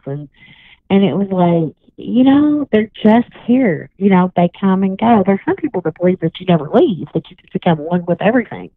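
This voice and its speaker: Over a tinny, dry phone line, a woman with a lowish voice and no room sound joins a radio call-in show as a guest psychic and paranormal investigator. In casual chat, she tells a long, meandering story, starting over again and again.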